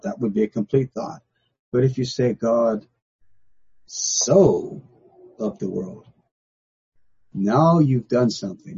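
An older man teaches a Bible study in a relaxed, folksy way, leaning hard on single words and saying them again to make a point. His voice is deeply husky and mellow, and the recording has a dull, lo-fi sound. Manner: folksy and emphatic, repeats key words. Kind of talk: informal Bible study lesson.

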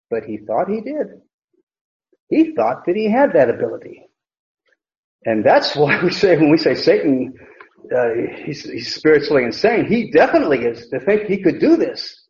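A man's voice: a little high, big pitch swings, moderate pace, a little mellow. A man teaching an expository Bible sermon, emphatic, and often repeating phrases. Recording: roomy, dull lo-fi sound.

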